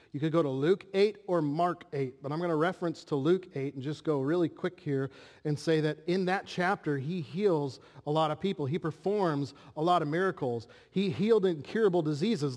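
A male pastor delivers an earnest sermon, often turning to his listeners with rhetorical questions. His voice sits a little high for a man. The recording carries a long reverb from the hall. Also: darkish tone.

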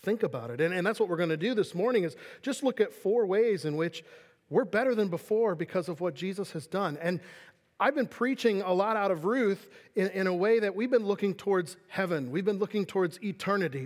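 High-voiced preacher in a reverberant hall. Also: male voice. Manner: earnest preaching, reads scripture slowly, drops to quiet emphasis. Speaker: pastor. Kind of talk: sermon.

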